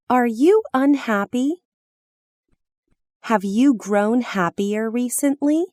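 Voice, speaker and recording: Woman reading practice phrases, very slow, bright up-and-down lilt, close dry sound. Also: a little high, no echo. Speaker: phrase reader.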